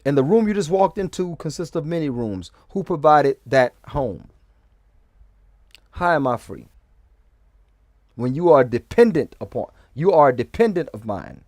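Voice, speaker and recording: Male vlogger, loose rambling commentary with restarts; somewhat high voice. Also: sing-song, a little slow, pauses often, darkish tone, no room sound, clean studio sound. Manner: rambling with restarts, often asking "okay?". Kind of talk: casual commentary.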